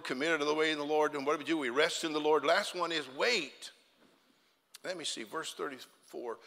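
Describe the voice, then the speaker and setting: A middle-aged male pastor preaching a sermon, telling humorous stories with animated outbursts to a church congregation. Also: a little high, long reverb tail. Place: church sanctuary.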